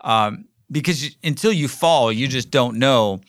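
A man's voice: medium pitch, measured pace, a bit bright, no room sound, studio quality. Rambling man telling a casual story. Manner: rambling, many fillers and restarts. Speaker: podcast host. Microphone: recording himself solo.

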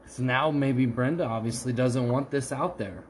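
A man's voice: medium pitch, moderate pace, a crowd in the background, low-quality recording. A man co-hosting a podcast who chats casually and spins joking made-up stories. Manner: joking, improvises mock stories. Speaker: podcast co-host. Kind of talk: casual chat.

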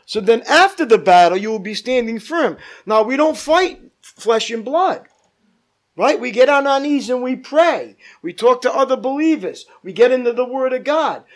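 A man's voice: very high-pitched, animated, moderate pace. A male pastor leading a Bible study, teaching emphatically, repeating points and asking the group questions.

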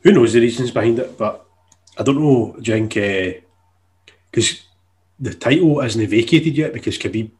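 A man's voice: medium pitch, normal speed, pauses often, darkish tone. A young man, chatting casually and swearing now and then on a podcast. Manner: laid-back, swears casually. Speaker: podcast co-host. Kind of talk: casual chat.

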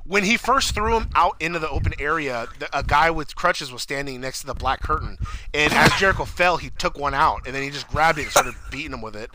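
A young man in casual chat, excitable and swearing often, acting out quotes in loud bursts. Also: a little high, brisk, very noisy. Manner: excitable, swears a lot, acts out quotes loudly. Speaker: podcast co-host.

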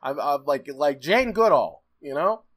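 A man's voice: fairly high pitch, expressive, unhurried, fairly bright tone. A man co-hosting a casual podcast, swearing freely, laughing often and acting out characters' lines as he recaps a show.

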